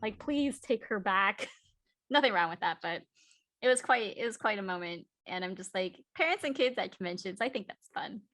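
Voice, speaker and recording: A woman chatting at home on a video call as an interview guest, telling lively stories and acting out what people said. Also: mid-range voice, fairly quick. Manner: animated storyteller, acts out quotes. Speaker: guest cosplayer. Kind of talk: casual interview chat.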